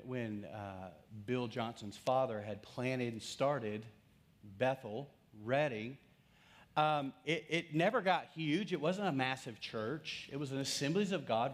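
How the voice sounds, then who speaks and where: A man in his fifties, a pastor preaching a sermon and telling a personal story in an animated, conversational way. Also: mid-range voice.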